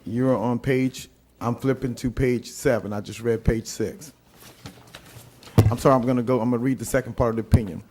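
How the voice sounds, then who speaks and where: A man from Louisiana serving as city attorney, giving a formal legal presentation and reading court opinions aloud in a deliberate way with frequent fillers. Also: mid-range voice, steady tone, background noise. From St. Landry Parish, Louisiana.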